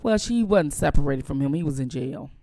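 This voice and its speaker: A woman's voice: low voice, expressive, fairly quick, warm tone, dry recording, studio quality. A woman hosting a casual commentary show, recounting court testimony with blunt, sarcastic asides. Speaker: commentary channel host.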